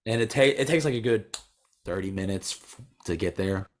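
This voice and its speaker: A young American man chatting casually, telling a rambling story full of "like" and quick laughs. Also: sits low, expressive, slight background noise. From United States. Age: young adult. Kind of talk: casual chat.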